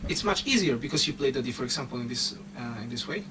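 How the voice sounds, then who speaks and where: A man's voice: medium pitch, lively intonation, fast talker. A man giving a keyboard lesson, explaining step by step in slightly non-native English and often checking in with "okay?". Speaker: music teacher. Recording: distant mic with loud piano.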